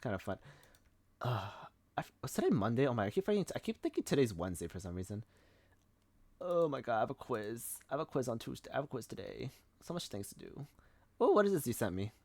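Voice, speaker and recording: A man's voice: medium pitch, very animated, fast talker, a little mellow, dry recording. A young man streaming live, chatting casually and telling rambling stories packed with fillers and swearing. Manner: rambling, filler-heavy storytelling with frequent swearing.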